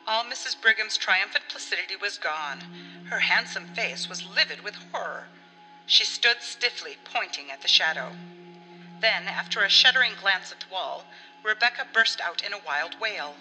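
A woman narrating an audiobook story in an expressive way, acting out the dialogue. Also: mid-range voice, moderate pace. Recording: long reverb with faint music.

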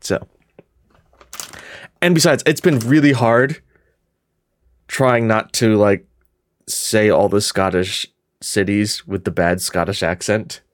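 A man co-hosting a podcast in casual chat, rambling with many restarts and quick asides. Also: on the low side, no room sound, clean studio sound. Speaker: podcast co-host and gaming video creator.

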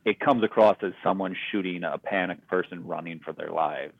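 A man with a very deep voice walks through a film's plot in a relaxed, chatty podcast manner. His audio is narrow and phone-like. The sound is dry and close. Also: a little fast, gravelly, no room sound. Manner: relaxed, storytelling, recapping plot. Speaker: podcast co-host. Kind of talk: casual movie recap chat.

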